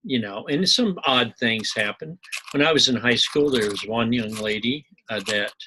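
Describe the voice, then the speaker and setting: A man's voice: mid-range voice, moderate pace, noisy background. A middle-aged man from Missouri giving a loose, digressive recorded lecture, full of asides and small jokes. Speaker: university instructor.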